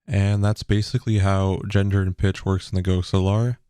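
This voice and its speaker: A young man giving a casual tutorial in a loose, relaxed way with frequent ums, recorded on a bass-heavy broadcast microphone at home. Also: a little fast, smooth, no echo, clean studio sound. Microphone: bass-heavy broadcast dynamic microphone.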